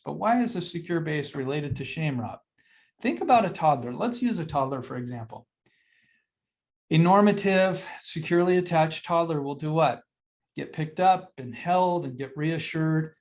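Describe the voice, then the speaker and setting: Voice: mid-range voice, darkish tone. An older presenter giving an earnest, conversational webinar lecture, often posing rhetorical questions to the audience and answering them. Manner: teaching with frequent rhetorical questions; earnest and conversational, addresses listeners directly. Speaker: webinar presenter on mental health.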